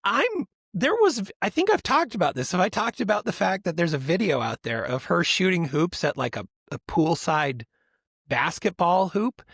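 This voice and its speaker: A man co-hosting a podcast in casual chat, rambling and animated, often mimicking other people's voices for laughs. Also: sits high, normal speed, gravelly, breathy edge, dry recording, clean studio sound. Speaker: podcast co-host.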